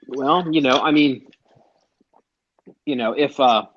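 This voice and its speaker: A man's voice: mid-range voice, slow pace, fairly bright tone, a little hiss or hum. A man hosting a podcast in casual chat, rambling, profane and often cutting himself off. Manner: rambling, profane, self-interrupting. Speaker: podcast host. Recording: dull lo-fi sound.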